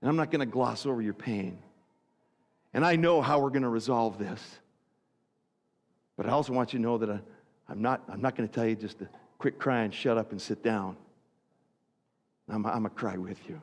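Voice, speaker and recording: A man voicing Jesus as a gentle, grieving adult man, speaking softly and tenderly. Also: medium pitch, moderate pace, pauses often, pitched below the performer's own voice, close to an everyday voice. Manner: soft, tender, hushed. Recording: echoey hall.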